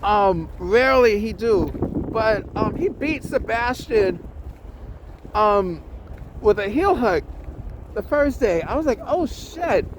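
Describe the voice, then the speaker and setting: A man's voice: high voice, lively intonation, slow pace, long pauses, a little hiss or hum. A man giving a casual, rambling recap of a tournament, full of slang, swearing, ums and restarted sentences. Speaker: vlogger reviewing a jiu-jitsu tournament.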